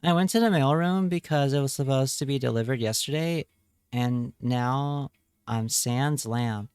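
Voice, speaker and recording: Slow, playful streamer guy, clear voice. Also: medium pitch, a little mellow, no room sound. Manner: playful, jokey, reads chat aloud. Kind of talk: casual live-stream chat.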